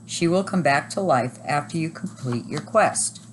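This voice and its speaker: A woman reading aloud and voicing a booming, mysterious male knight in red armor, with a stern, commanding delivery. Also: animated, normal speed, a little hiss or hum, rough recording. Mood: gentle.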